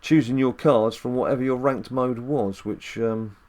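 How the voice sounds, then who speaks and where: A man's voice: medium pitch, normal speed, a little mellow. A man hosting a casual mobile game let's-play at home, chatty and rambling with jokes and filler ums. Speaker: dad gaming channel host.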